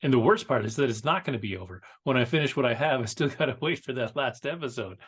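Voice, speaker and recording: A man in an easygoing podcast chat, his voice sitting at an ordinary middle pitch. He stops and restarts his sentences often, searching for words. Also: lively intonation, slight background noise. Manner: halting, lots of fillers and restarts, laid-back. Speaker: podcast co-host. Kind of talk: casual pop-culture chat.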